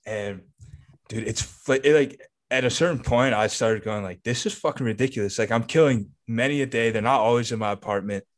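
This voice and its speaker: A man's voice: medium pitch, brisk. A man co-hosting a casual podcast, telling a long, rambling story full of swearing and filler words. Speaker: podcast co-host.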